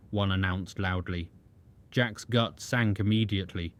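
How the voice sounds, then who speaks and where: A man giving scripted story narration in a measured, even delivery. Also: fairly low pitch. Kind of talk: scripted documentary-style narration.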